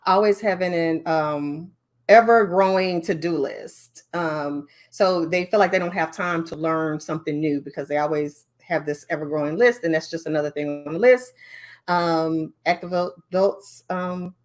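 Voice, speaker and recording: A woman's voice: low voice, moderate pace. Chatty woman presenting a training. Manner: lively, chatty, many fillers and asides. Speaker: learning design presenter. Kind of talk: conference training session.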